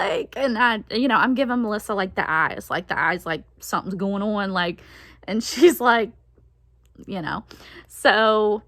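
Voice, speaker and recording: A woman's voice: on the high side, bright, forceful tone, dry recording, clean studio sound. A young woman telling a story from her teens in a casual, chatty way, laughing often and acting out the voices she quotes. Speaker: vlogger.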